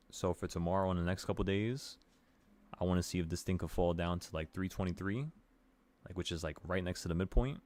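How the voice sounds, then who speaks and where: Male trading streamer, deep voice, casual and offhand, swears. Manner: relaxed, swearing, talks to viewers with "bro". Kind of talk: casual chart walkthrough.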